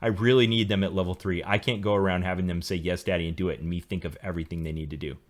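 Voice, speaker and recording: A middle-aged man with a somewhat low voice co-hosts a casual podcast. He explains his ideas at length, laying them out step by step like a lecture. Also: steady tone, very fast. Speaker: podcast co-host.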